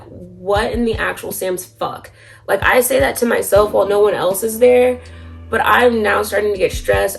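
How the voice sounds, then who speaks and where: A woman's voice: mid-range voice, creaky. A woman vlogger telling a story in a casual, chatty way, full of fillers and freely swearing.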